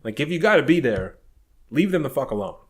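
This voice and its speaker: A man's voice: mid-range voice, sing-song, fairly quick, slightly rough. A man co-hosting a casual political chat podcast, emphatic and heavy on "you know". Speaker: podcast co-host.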